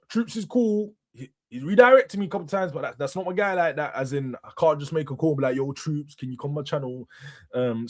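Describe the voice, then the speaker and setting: Tired, slangy young man. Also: fairly high pitch. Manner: animated, slangy, laughs often, reads viewer comments. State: tired, yawning late at night. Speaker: host. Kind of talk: casual live-stream football chat.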